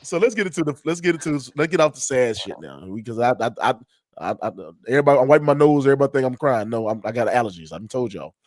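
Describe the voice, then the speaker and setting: Animated, profane man hosting a podcast. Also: medium pitch, quick pace, no echo. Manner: animated, profane storytelling with loud laughs. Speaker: podcast host. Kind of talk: casual podcast chat. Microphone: remote streaming call.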